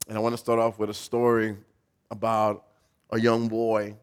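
A man's voice: on the low side, completely flat delivery, normal speed, clear, resonant tone. Casual man preaching a sermon. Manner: casual, storytelling, self-deprecating humor. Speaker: pastor.

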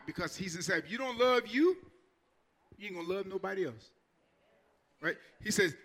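High, bright-voiced preaching pastor, a man. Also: fairly quick. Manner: preaching with bursts of shouting and laughter. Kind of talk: sermon.

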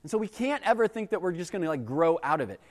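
A man giving a casual, conversational sermon as a pastor, animated and acting out exasperated voices. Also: fairly high pitch, fast, in a large hall.

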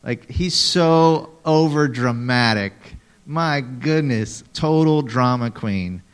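Animated male preacher teaching a group. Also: medium pitch, slow pace, clean tone. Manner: animated, acts out quotes dramatically, talks to audience members. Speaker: pastor. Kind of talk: sermon.

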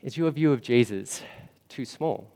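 A man preaching a sermon in a church, slow and emphatic, with dramatic rises and quiet drops. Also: mid-range voice, lively intonation, creaky. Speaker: pastor.

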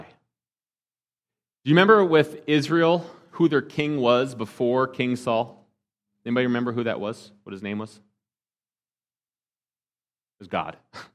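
A pastor delivering a sermon, asking the congregation rhetorical questions and dropping to a hush for emphasis. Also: male voice, mid-range voice. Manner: swings between emphatic and hushed delivery.

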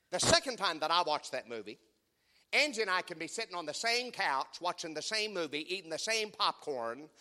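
A male pastor preaching with animated, call-and-response storytelling. His voice is high, bright and swoops all over. The sound carries the long reverb of a church sanctuary. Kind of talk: sermon.

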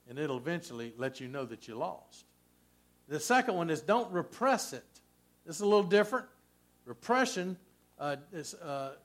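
A man preaching a sermon as a pastor, conversational and folksy, with frequent asides to the congregation. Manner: conversational preaching, folksy asides, lively swings in pitch and loudness.

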